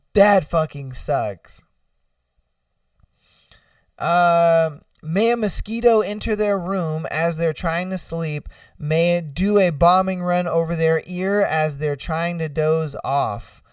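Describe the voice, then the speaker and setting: High-voiced guy riffing on a podcast, swears a lot, laughs, sits back from the mic in a dry room. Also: no room sound, distant mic. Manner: animated, profane, laughs often, acts out scenarios. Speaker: podcast host. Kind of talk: casual solo commentary reading listener ideas.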